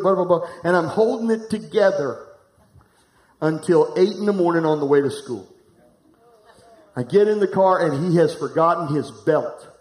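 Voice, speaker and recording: A middle-aged pastor preaching live to a congregation, candid and humorous, telling a personal story and speaking to the room directly. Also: male voice, high voice, darkish tone. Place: church hall, live before a congregation. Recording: echoey room.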